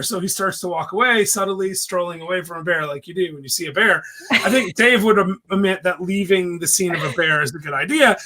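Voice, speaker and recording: A man co-hosting a podcast, chatting casually and telling jokes in an animated way. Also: high voice, brisk. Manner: joking, animated storyteller. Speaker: podcast co-host. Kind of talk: casual chat.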